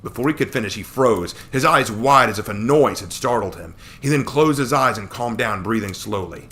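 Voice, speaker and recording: A man reading his own fantasy story aloud, narrating in a steady, plain way. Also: fairly low pitch, normal speed.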